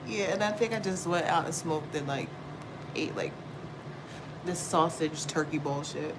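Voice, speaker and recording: A woman hosting a tarot stream, talking casually and bluntly to her viewers with lots of swearing and quick asides. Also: medium pitch, poor audio. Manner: blunt, profane, chatty, laughs and exclaims often. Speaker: tarot reader livestream host. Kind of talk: casual spiritual talk to viewers. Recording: steady background noise.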